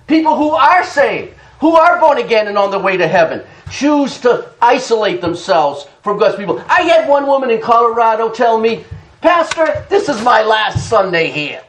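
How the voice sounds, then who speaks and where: High-voiced, lively male pastor preaching. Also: moderate pace, hardly any pauses. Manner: animated preaching with chuckles and call-and-response. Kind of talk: sermon. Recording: roomy church echo.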